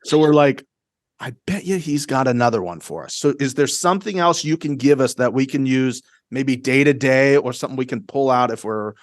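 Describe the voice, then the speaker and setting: A man's voice: a little fast, no room sound, clean studio sound. A male podcast co-host in casual chat, jokey and mimicking voices. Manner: animated, jokey, mimics voices with big pitch jumps.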